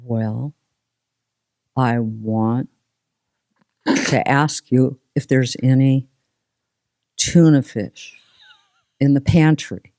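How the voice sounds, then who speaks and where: A woman mimicking a slow-talking family member who drags every word out. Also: extremely low pitch, fairly even intonation, mellow, no room sound, exaggerated voice. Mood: dawdling. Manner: slow, drawn-out drawl.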